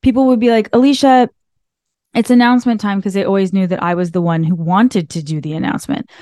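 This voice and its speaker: A woman's voice: fairly low pitch, expressive, fast talker, mellow, no echo, studio quality. A woman hosting a podcast, talking casually from behind her desk, laughing often and filling her speech with "like.". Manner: chatty, laughs often, filler "like". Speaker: podcast host. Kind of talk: casual motivational monologue. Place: small room behind a desk. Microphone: desk microphone.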